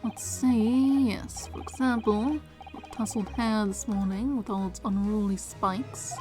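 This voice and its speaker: A woman's voice: medium pitch, steady tone, a little slow, dark tone, lightly acted. A woman voicing an eccentric, boastful male great detective, theatrical and self-assured. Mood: pompous. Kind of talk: reading game dialogue aloud. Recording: game music behind.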